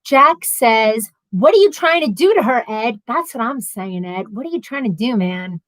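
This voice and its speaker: Chatty woman host with a higher voice. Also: normal speed, dry recording, rough recording. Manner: chatty and animated, laughs often. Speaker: livestream host reading viewer comments. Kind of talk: casual livestream chat.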